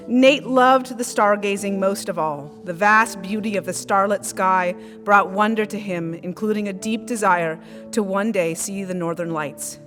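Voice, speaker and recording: A woman's voice: medium pitch, unhurried, fairly bright tone, big-room sound, soft background music. A woman teacher reading prepared graduation tributes for students, with small stumbles over words. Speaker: school teacher. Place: school event hall.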